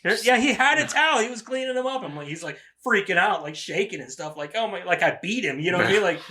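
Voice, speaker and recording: A man's voice: sits high, animated, quick pace, pushed and bright. A man in his thirties hosting a casual podcast chat, rambling and laughing through stories, tossing in "man" and "dude". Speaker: podcast host.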